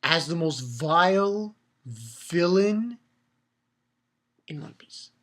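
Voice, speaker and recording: A man talks through a comic chapter in a casual solo review. His voice is bright and a little sharp. He rambles in an animated way, cursing freely and breaking off mid-sentence to start again. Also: a little high, drawn-out words. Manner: animated rambling with frequent swearing and restarts. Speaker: manga reviewer.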